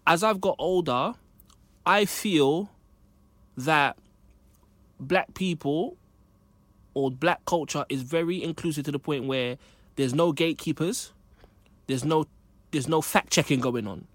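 A British man talks through his views in a relaxed discussion, building each point on a story or an example. His voice sits a touch high and sounds slightly cracked. The sound is dry and close. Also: measured pace, pauses often, no echo. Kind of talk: casual discussion.

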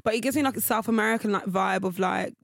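Brief: young female co-host, loose rambly chat, quick laughs, dry close mic. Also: mid-range voice, dry recording. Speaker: podcast co-host. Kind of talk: casual chat.

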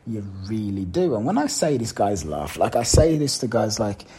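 A man's voice: medium pitch, wildly swooping pitch, normal speed, mellow, slightly rough. A man hosting a motivational podcast, talking straight to the listener and repeating words for emphasis. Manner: addresses the listener directly. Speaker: podcast host.

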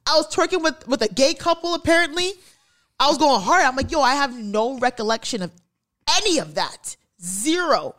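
A young woman with a high-pitched, slightly bright, expressive voice talks at a moderate pace. She's a podcast co-host telling a story in casual chat, laughing a lot and acting out the voices of the people involved.

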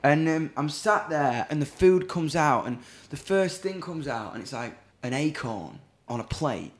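A man's voice: a little high, expressive, a little slow. A man with a Northern English accent telling a story in casual chat, dry and sweary, slipping into acted quotes.

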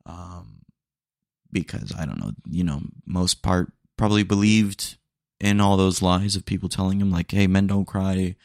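A young man hosts a solo podcast in a low, creaky voice at a moderate pace, speaking candidly and rambling with casual slang and little jokes. The recording is dry and studio quality.

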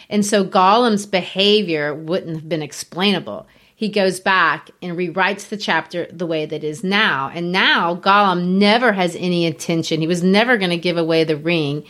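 A woman hosting a casual literary talk, explaining background in an animated, teacherly way. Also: on the low side.

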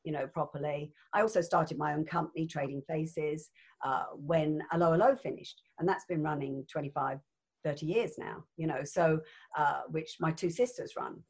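Chatty husky older woman. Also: deep voice, normal speed, darkish tone. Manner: chatty, effusive, laughs often. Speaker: actress, interview guest. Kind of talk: casual interview chat.

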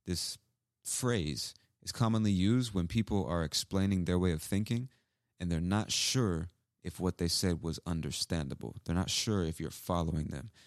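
In studio-quality audio with no echo, a man with a low-sitting voice explains English phrases at a moderate pace. He hosts a podcast for learners as their teacher, keeping it casual, repeating examples, and acting out sample lines.

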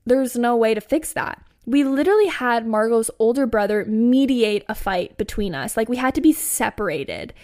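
A woman in her twenties hosts a podcast, casually telling a funny personal story full of "like" and laughter. Her voice is fairly high, expressive and a little mellow, moving at a moderate pace with few pauses.

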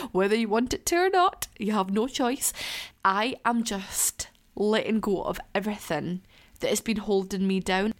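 A woman talks straight into a laptop from her living room as a solo podcast host. Her chat is casual and candid. She laughs easily and swears now and then. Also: mid-range voice. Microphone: laptop beside her.

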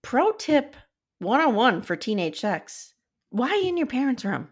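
A woman's voice: fairly high pitch, measured pace, husky. A woman co-hosting a podcast, chatting casually and retelling scenes with quoted lines. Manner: animated storytelling, recapping scenes with quoted lines. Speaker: podcast co-host. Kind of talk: casual chat.

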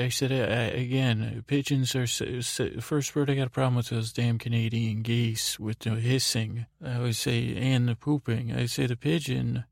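A man hosting a sleep podcast, meandering through a rambling monologue in a halting, stammering, drowsy way. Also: medium pitch, creaky, darkish tone, dry recording, studio quality. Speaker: podcast host.

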